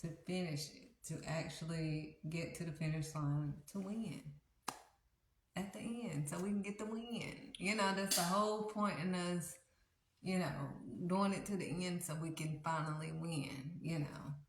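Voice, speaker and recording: A woman with a very low voice gives a casual, earnest devotional talk, circling back to the same points. The recording is roomy and echoey. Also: steady tone, measured pace, slight background noise. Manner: earnest, repetitive, conversational. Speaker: faith livestream host. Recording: roomy echo.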